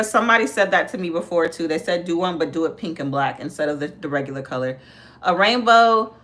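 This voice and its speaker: A young woman talks through her makeup on a casual livestream, reading out viewer comments and answering each one. Her voice sits a little low but sounds bright and clear, and her tone stays loose and chatty. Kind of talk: casual live-stream chat while doing makeup.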